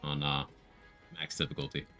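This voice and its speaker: A man with a very deep voice and a bright, forceful edge chats through a live game stream. He talks casually about his build and reads out viewer chat as he plays. Faint music sits under his voice. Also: completely flat delivery, moderate pace. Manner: chatty, reads out viewer chat while playing. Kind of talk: casual gameplay commentary.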